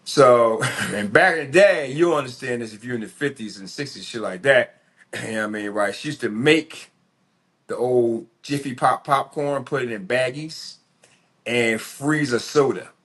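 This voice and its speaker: A man's voice: medium pitch, normal speed, fairly bright tone. A man, telling his life story in a casual, rambling, profane way full of fillers. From Philadelphia. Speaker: podcast host.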